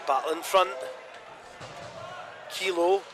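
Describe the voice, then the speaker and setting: A British man calls an ice hockey game play by play in a fairly high voice, snapping out names and plays. His calls leap into excited shouts whenever a chance comes. The feed carries clear background noise from the rink. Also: takes it slowly. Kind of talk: live play-by-play commentary.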